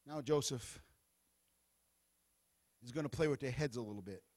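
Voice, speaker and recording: A man preaching a sermon who tells the scripture story in an animated, playful way. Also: mid-range voice, normal speed.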